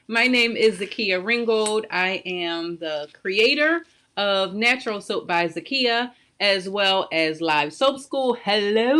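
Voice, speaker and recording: A woman's voice: mid-range voice, fairly bright tone. Bubbly woman hosting a live stream. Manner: bubbly, greets viewers by name. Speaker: live stream host, soap maker. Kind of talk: casual live stream chat.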